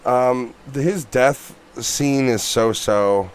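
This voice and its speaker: Man, casual podcast chat, blunt and profane, animated ranting, middle pitch. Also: slow, slight background noise. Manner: blunt, swears often, animated rants. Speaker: podcast co-host. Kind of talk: casual movie review chat.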